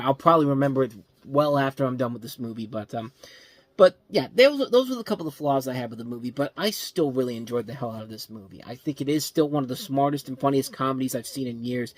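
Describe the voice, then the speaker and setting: A man's voice: mid-range voice, dry recording. A man hosting a movie review show, talking casually and rambling, often restarting his sentences. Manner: rambling, self-correcting, enthusiastic.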